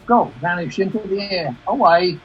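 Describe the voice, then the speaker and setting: A man's voice: high-pitched, normal speed, soft background music, lightly acted. A man voicing a cheeky male clown in a put-on British accent, playful and punning, for an amateur play read over a video call. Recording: dull lo-fi video call audio.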